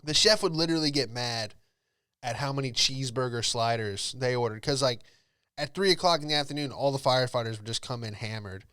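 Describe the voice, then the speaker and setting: Rambling comedian telling stories. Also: male voice, medium pitch, bright, forceful tone, smooth, dry recording, studio quality. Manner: rambling, jokey, quick character impressions. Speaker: comedian podcast host. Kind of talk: comedic storytelling monologue.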